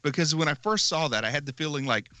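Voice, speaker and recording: A man co-hosting a podcast in a loose, opinionated chat, his voice bright and forward and sitting a little high. He laughs often between long riffs. The sound is dry and close to the mic. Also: fast, no room sound. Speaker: podcast co-host. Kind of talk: casual movie review chat.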